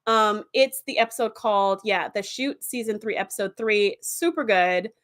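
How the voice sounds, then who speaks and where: A woman's voice: medium pitch, normal speed. A woman hosting a casual review video who retells TV episode plots with lots of fillers. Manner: animated plot retelling with many fillers. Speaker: video host.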